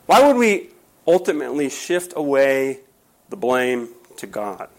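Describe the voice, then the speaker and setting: A man's voice: mid-range voice, big pitch swings, a little slow, darkish tone, rough recording. A man preaching a sermon as a pastor, telling stories emphatically and asking rhetorical questions.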